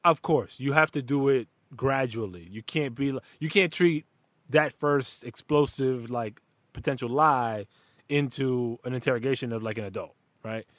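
A man's voice: medium pitch, normal speed, dry recording. A man who is a father, telling stories in a rambling, profane, casual chat. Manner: rambling, profane, animated storytelling. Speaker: podcast host and father.

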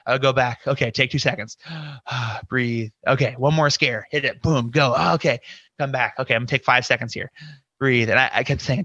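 A man's voice: medium pitch, steady tone, a little fast, pushed and bright, dry recording, lo-fi sound. A man guesting on a podcast, telling a story casually with lots of "you know" and acted-out inner quotes. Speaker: podcast guest, scare actor.

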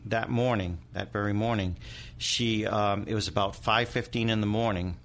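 A man's voice: on the low side, fairly even intonation, normal speed, a bit bright. A middle-aged man, a demonologist guest, telling a haunting story in vivid detail and acting out the people in it. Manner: dramatic storyteller, acts out quoted voices. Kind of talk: storytelling interview.

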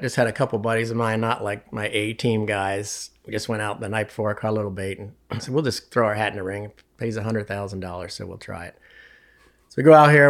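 A fishing guide tells a story to a podcast host, talking casually and animatedly and often repeating words when he gets excited. His voice is medium-pitched.

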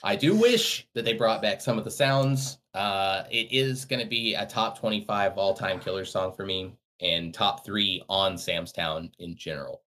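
A man with a very deep voice co-hosts a casual podcast. He jokes around and packs his sentences with fillers. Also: normal speed, hardly any pauses, a bit bright. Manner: filler-heavy, joking. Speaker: podcast co-host.

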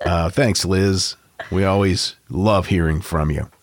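A man's voice: sits low, takes it slowly, no room sound, studio quality. An American man co-hosting a podcast, chatting casually and joking. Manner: jokey, animated. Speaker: podcast co-host. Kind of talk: casual chat.

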